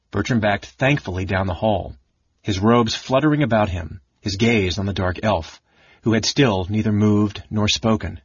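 Husky low-voiced male narrator. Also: normal speed, no echo, muffled recording. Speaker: audiobook narrator. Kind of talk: scripted fantasy narration.

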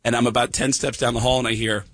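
A man's voice: mid-range voice, fast, noisy background. A man, a comedian, telling a comic story in casual chat and slipping into impressions along the way. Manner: animated storyteller who slips into impressions. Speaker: comedian guest.

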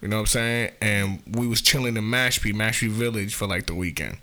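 Brief: New man, podcast host, bright forward voice, profane, casual. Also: on the low side, a little fast. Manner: loose and profane, acts out quotes in raised voices.

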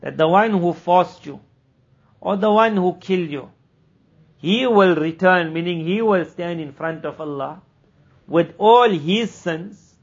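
A man delivers a sermon to a weekly gathering in a talky, explaining way. He acts out the people in his stories and rattles off scripture passages quickly. His voice sits a little high, and the recording is dull and lo-fi. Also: slightly rough. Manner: conversational, acts out quoted dialogue; recites Arabic scripture passages rapidly. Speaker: religious teacher.

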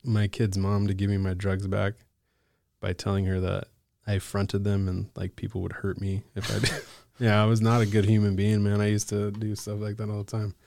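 A man from Alaska, a case manager, telling his recovery story in a relaxed, casual way, full of "like" and "bro" and quick laughs. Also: on the low side, gravelly, dry recording. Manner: laid-back, lots of "like" and "bro", laughs often. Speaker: podcast guest, case manager.

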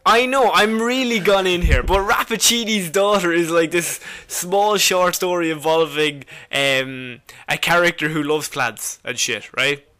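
A man's voice: high-pitched, measured pace, few pauses, bright, forceful tone. A man co-hosting a podcast, explaining a comic villain's history in a casual, jokey way and laughing often. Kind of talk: casual chat.

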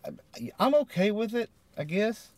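A man's voice: high-pitched, big pitch swings, unhurried, darkish tone, no echo. A man co-hosting a podcast, agreeable and laid-back, chuckling as he chats. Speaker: podcast co-host. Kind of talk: casual wrestling review chat.

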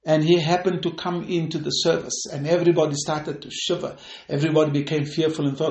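A man preaching a fervent podcast sermon and prayer, repeating phrases and rising to shouted peaks. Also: fairly high pitch, little pitch movement, fast, few pauses, roomy sound.

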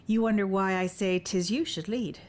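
Voicing a bold young warrior woman in an audiobook, a female narrator sounds determined, teasing and archaic in her phrasing. The delivery is lightly acted, mid-range and at normal speed, with a faint hiss or hum in the recording.

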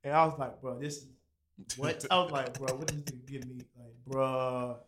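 Speaking at normal speed with a medium-pitched voice, this young man recounts a story to his friends, with background noise audible. He's animated, voices the quoted dialogue himself, and swears without restraint.

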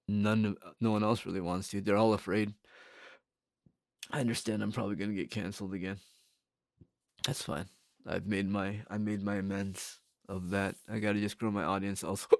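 A man's voice: low-pitched, dry recording, studio quality. A young man hosting a solo podcast, rambling bluntly in casual talk and swearing freely. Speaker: podcast host.

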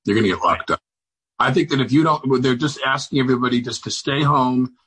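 A man on a video call from home, chatting as a talk show guest, halting and restarting often, with dry sardonic humor. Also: mid-range voice, fairly bright tone, breathy edge, rough recording. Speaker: celebrity guest. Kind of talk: casual interview chat. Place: home on Long Island.

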